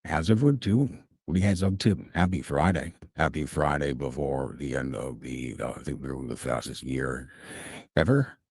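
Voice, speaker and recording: A man hosting a casual livestream chat, rambling and chatty, with his voice run through a deep voice changer. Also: normal speed, darkish tone, husky, no echo, studio quality. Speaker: host.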